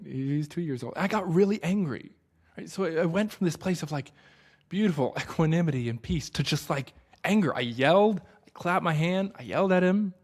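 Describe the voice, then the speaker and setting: A man in his thirties hosting a book study, speaking in an earnest, reflective way and slowing down to stress key points. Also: fairly high pitch, darkish tone. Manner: casual fillers and restarts. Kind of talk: reflective spoken talk.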